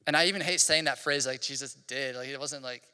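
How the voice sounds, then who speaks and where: A man's voice: mid-range voice, a little fast, bright, forceful tone, clean tone. A man in his thirties giving a casual, conversational sermon as a pastor, rambling with lots of "like". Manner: casual, rambling, heavy use of "like". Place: church hall. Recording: long hall reverb.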